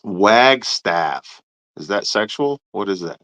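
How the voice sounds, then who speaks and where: A man's voice: lowish voice, expressive, slow pace, fairly bright tone, no echo. A man co-hosting a casual livestream, teasing the host with joking banter.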